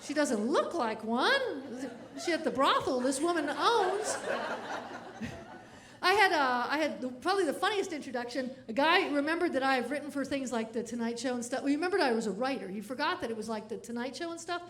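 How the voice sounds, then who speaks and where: A woman comedian giving a keynote talk, telling funny stories in an animated way and laughing often at her own lines. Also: high-pitched, fairly quick, crowd noise. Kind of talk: comic keynote storytelling.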